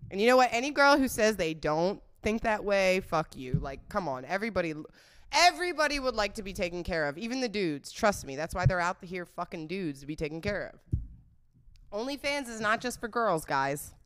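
Lively, profane young woman telling stories. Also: mid-range voice, fairly quick, smooth. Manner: candid, profane, giggly, animated storyteller. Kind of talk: casual storytelling.

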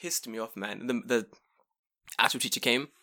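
A man's voice: medium pitch, moderate pace, no room sound. Podcast co-host, young man, casual and swearing, dry studio voice. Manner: profane, animated storytelling with acted quotes. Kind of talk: casual storytelling chat.

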